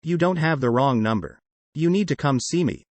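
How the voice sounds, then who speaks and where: A man reading the part of a cold, calm killer who speaks flatly and with quiet menace. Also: fairly high pitch, moderate pace, no room sound, natural voice.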